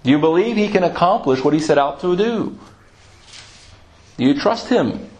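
A man's voice: on the high side, lively intonation, moderate pace, darkish tone, low-quality recording. A man preaching a sermon, emphatic and full of rhetorical questions.

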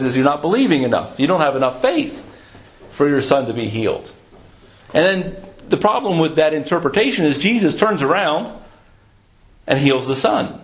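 A man preaching a sermon in a conversational way, often restarting his words and clearing his throat. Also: on the high side. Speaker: pastor.

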